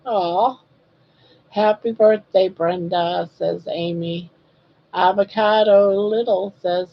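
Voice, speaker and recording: A woman's voice: mid-range voice, fairly even intonation, slow, dull audio. A woman in her sixties hosting a casual live stream, chatting and reading viewer comments aloud in a teasing, friendly way. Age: 60s. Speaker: live-stream crochet host.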